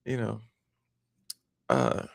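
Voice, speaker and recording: A man's voice: drawn-out words, no room sound, studio quality. A man hosting a livestream, rambling in casual chat with lots of fillers and restarts. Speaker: livestream host.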